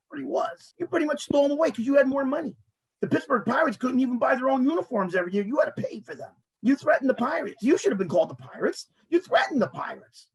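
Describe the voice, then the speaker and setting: A man, hosting a casual sports talk show and ranting in an animated way while mocking others' words. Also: high-pitched, breathy edge, rough recording.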